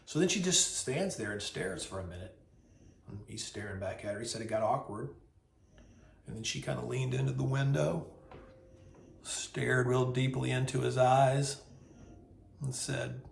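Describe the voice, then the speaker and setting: A man hosting a weekly video, telling a story in a lively, casual way and acting out the voices. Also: medium pitch, normal speed, creaky, long pauses. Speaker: host. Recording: roomy echo.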